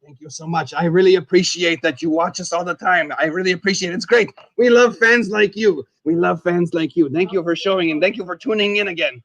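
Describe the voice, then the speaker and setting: A man hosts a laid-back live stream while eating, his high voice brisk and free of echo. He exclaims frequently, stays excitable, and dubs himself the dead skeleton, speaking in the third person.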